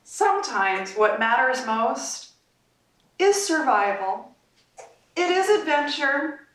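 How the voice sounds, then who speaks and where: A woman giving a personal storytelling speech at a club meeting, with dramatic pauses and laughing through the telling. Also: high voice, big pitch swings, fairly bright tone. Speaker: club speaker. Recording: roomy, distant mic, faint noise.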